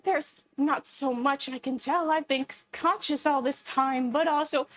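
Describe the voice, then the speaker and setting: A woman's voice: high-pitched, fairly even intonation, unhurried. A young woman streamer reading game dialogue aloud, often breaking into giggles. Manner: giggly, keeps breaking into laughter while reading.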